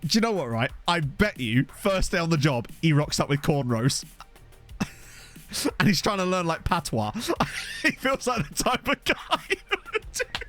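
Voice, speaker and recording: Animated man streaming a football game. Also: fairly high pitch, moderate pace, faint music behind. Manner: animated, laughs often, chats with viewers. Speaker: gaming streamer. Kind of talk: casual live-stream commentary. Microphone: USB desk microphone.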